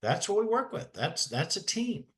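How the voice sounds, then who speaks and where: A man's voice: sits high, very animated, normal speed, a bit bright. Folksy rambling man. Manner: rambling, folksy, many restarts. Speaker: special education advocate. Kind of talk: casual webinar talk.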